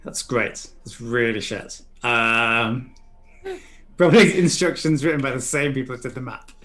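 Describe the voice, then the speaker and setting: A man at a tabletop game makes dry, wry remarks at a mid-range pitch. His tone is casual and plain. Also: fairly even intonation, normal speed, pushed and bright. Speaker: player. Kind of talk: casual tabletop role-play.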